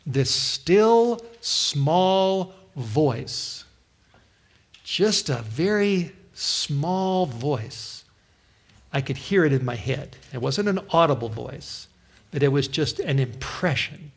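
Slow earnest male preacher telling his story. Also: fairly high pitch, lively intonation, husky. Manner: earnest storytelling with many restarts. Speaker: pastor. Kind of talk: sermon testimony.

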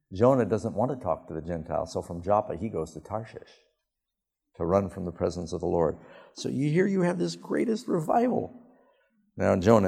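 Man, pastor, sermon, deep warm voice, emphatic storytelling, long hall echo. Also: vocal fry, breathy edge. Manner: emphatic, animated storytelling with sudden rises in pitch.

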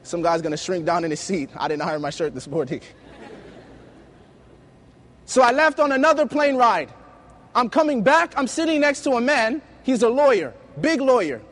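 Male preacher, very high voice, lively anecdotal sermon style. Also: normal speed, long pauses. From United States. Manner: lively storytelling, acting out dialogue. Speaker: youth preacher. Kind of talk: sermon with personal stories.

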